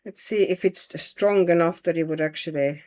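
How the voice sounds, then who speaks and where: A woman's voice: lowish voice, normal speed, darkish tone. A woman hosting a casual livestream, chatting and thinking aloud as she paints and answers viewer comments. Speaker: livestream host.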